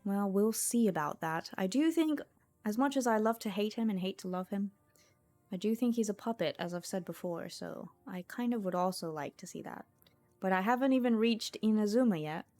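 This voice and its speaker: A woman streaming a game talks through her choices half to herself, in a chatty, easygoing way with quick little laughs. Her voice sits at an ordinary middle pitch, and soft music plays faintly underneath. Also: animated. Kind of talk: casual gameplay commentary.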